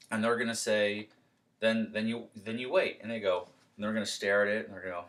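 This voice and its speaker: Young man, low voice, upbeat casual sales trainer, chatty with fillers. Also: fairly even intonation, fairly quick, fairly bright tone, distant mic. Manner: upbeat, friendly, lots of fillers. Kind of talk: casual training talk with role-play.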